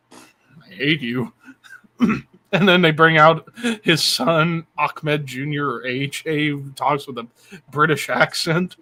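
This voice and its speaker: A man's voice: fairly high pitch, takes it slowly. A young man hosting a live stream, retelling a comedy bit in casual, swear-heavy chat. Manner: animated, swears a lot, jumps into bits with funny voices. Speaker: stream host.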